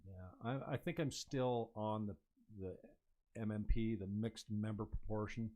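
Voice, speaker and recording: A man's voice: on the low side, fairly even intonation, measured pace, warm tone. Blunt, rambling man. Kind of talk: casual political chat.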